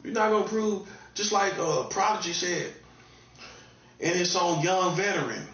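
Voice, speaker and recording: An online commentator from North Carolina speaks unhurriedly in a high-pitched, slightly bright voice with a Southern accent. His monologue is casual and repetitive, with a warning tone. The recording sounds distant and echoey, with a dull lo-fi room quality.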